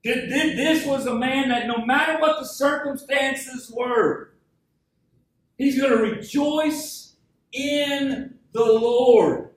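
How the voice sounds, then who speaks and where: A man's voice: extremely high pitch, slow. A man preaching a sermon, telling stories and joking with the congregation. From Georgia, USA. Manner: storytelling, joking, animated. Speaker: pastor. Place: church hall. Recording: echoey hall from far off.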